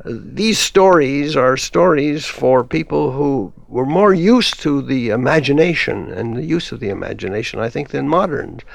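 A man speaking as a guest scholar in a radio discussion, halting, with many fillers and restarts. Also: medium pitch, animated, creaky, no room sound. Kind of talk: academic discussion.

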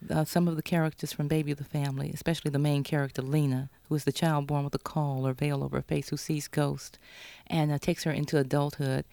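A woman talks about her novel in an interview, thoughtful and full of restarts. When the story heats up, she acts out her characters with lively swings in pitch. The sound is close and dry. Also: vocal fry, no echo. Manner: animated storytelling, acting out her characters' lines. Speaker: author being interviewed.

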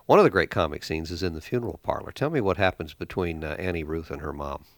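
Deep-voiced male interviewer. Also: expressive, no room sound. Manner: measured, guiding questions. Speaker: interviewer, host. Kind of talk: radio interview.

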